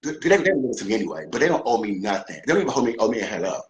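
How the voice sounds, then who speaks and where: Casual interview guest: animated, cursing man from D.C., lively pitch. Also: rapid-fire, highs cut off, a crowd in the background. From Washington D.C. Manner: animated, emphatic, profane, repeats words.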